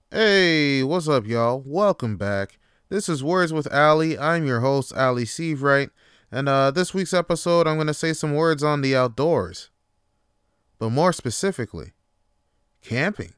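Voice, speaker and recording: A man with a New York accent, hosting a comedy sketch show in an animated, joking, slangy way. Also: a little high, measured pace, clean tone. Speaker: host.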